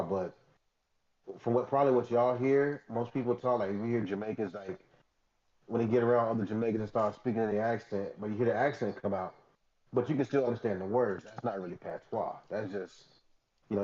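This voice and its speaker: Fast-talking man with a dark voice. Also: lowish voice, muffled recording. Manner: blunt, profane, explains with conviction. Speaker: podcast co-host running the segments. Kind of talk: casual podcast banter.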